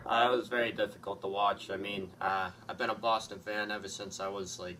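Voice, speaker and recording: Low, subdued man with a flat voice. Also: a little fast, a little hiss or hum. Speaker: interviewed sports fan. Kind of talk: casual mock interview. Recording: distant mic with faint ambience.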